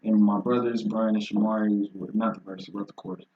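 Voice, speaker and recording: A man's voice: fairly low pitch, level tone, fairly quick. A man in his twenties, a rapper guest, talking casually and profanely about his start in music, laughing often. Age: 20s. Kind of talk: casual conversation. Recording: roomy, distant, dull lo-fi sound.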